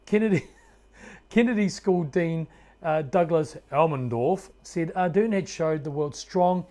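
A man's voice: fairly high pitch, measured pace, a little mellow. A man with a New Zealand accent giving opinionated commentary to camera in an indignant, sarcastic tone. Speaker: political commentator.

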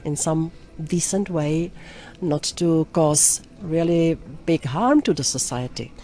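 A woman speaking slowly and in a measured, slightly hesitant way in a played public speaking clip. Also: low-pitched, warm tone, soft background music.

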